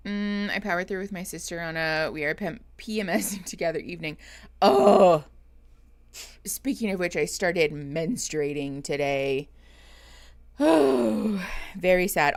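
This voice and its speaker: A woman therapist chatting casually on a live stream, greeting viewers and laughing often. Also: lowish voice. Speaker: therapist streaming reaction show.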